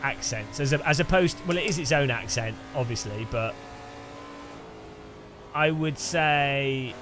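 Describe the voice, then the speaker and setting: A man with an English Midlands accent, chatting casually and excitably while he streams a sim race. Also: mid-range voice, measured pace, background noise. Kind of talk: live-stream chat while sim racing. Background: loud background music.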